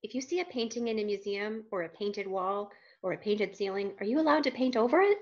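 A woman reading a children's picture book aloud, pausing for playful questions to young listeners. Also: medium pitch, dull audio.

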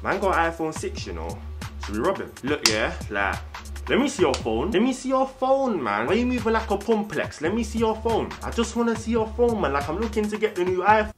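A man's voice: sits high, very animated, a little fast, over music. A man voicing a cocky young London roadman character with a London slang accent, riffing in a swearing, mocking monologue. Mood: scheming. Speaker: comedy sketch creator.

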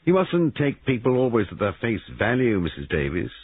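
A man voicing a brisk, persistent police sergeant investigating a murder in a storybook reading. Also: mid-range voice, sing-song, breathy edge, no room sound, pitched above the performer's own voice. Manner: persistent and formal. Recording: tinny band-limited recording.

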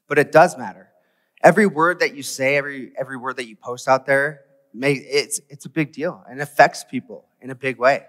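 A man giving a conversational church sermon, animated and full of rhetorical questions. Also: mid-range voice, a little fast, long reverb tail. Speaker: preacher. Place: church sanctuary.

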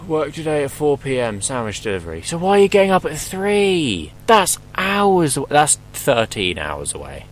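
A man's voice: a little high, huge pitch swings, moderate pace, few pauses, slight background noise, low-quality recording. A young man commenting casually on a horror game as he plays, joking, swearing and yelping at scares. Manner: joking, swearing, jumpy exclamations. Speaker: gameplay commentator.

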